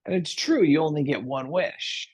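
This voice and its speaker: A sly, scheming genie spirit who coaxes in a high, lilting voice, as a man puts him on. His drawn-out lines swoop up and down, and the sound is close and dry, with no room around it. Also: slightly rough, no room sound. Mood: coaxing. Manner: coaxing, drawn-out, high and lively.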